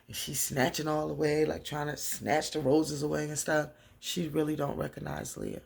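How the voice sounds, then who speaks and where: A woman in a casual recap vlog, losing her voice, telling the story in an animated way and acting out the characters' lines. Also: deep voice, normal speed, creaky, husky. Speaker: TV recap vlogger.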